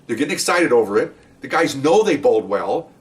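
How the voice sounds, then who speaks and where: A middle-aged man and former police detective telling stories from the job in a casual, animated way. He often acts out what people said and keeps checking in with "okay?". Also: mid-range voice, a little fast, recorded from a distance. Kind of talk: casual storytelling podcast.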